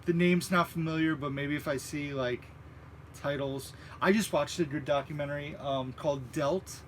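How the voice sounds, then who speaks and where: A man co-hosting a movie live stream, chatting in a relaxed, hesitant way and reading out viewer questions. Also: fairly high pitch, moderate pace, a little hiss or hum.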